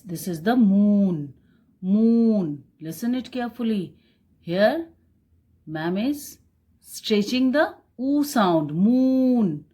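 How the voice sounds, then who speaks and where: A young woman teacher with an Indian English accent, teaching a phonics lesson to small children and spelling out words slowly in a sing-song way. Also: mid-range voice, warm tone. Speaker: kindergarten teacher.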